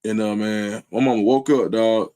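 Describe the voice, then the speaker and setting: Speaking in an earnest, loose way full of slang fillers, a man hosts his own livestream with casual, heartfelt talk. His voice is fairly low and mellow, with a steady tone, a clean sound, and a moderate pace.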